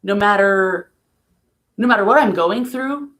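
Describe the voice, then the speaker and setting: A woman talking casually on a home live stream about a painful loss, emotional and soft-spoken, laughing through sadness at times. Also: mid-range voice, measured pace. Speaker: vlogger.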